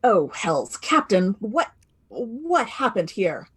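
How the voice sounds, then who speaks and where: A man's voice: high voice, very animated, slow pace, a bit bright, husky, full character voice. A man doing a poised, earnest elf. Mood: concerned. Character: poised, composed male elf adventurer.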